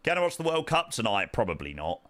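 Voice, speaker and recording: A man's voice: lowish voice, big pitch swings, quick pace, fairly bright tone, no echo. A young man streaming a flight sim, chatting casually with viewers in matey banter full of fillers. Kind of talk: casual live-stream chat, answering viewers.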